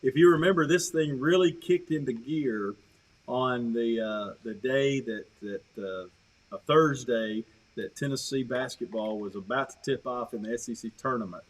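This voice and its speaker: A man co-leading a church Bible study, talking through it in a relaxed, conversational way. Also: mid-range voice, normal speed, distant mic, poor audio. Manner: conversational, relaxed with restarts and laughs. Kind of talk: casual livestream discussion.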